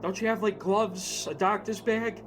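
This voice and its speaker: A man doing a hot-headed agent, angry, profane, higher voice. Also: fairly even intonation, normal speed, soft background music, lightly acted. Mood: furious. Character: hot-tempered male agent, swearing.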